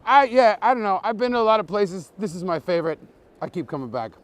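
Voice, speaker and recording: Deadpan joking man, higher voice. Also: quick pace, slight background noise. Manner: deadpan joking with absurd fake facts; chatty, greets live viewers. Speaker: comedy tour guide. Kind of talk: live-streamed walking tour chat. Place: outdoors on a bridge at night.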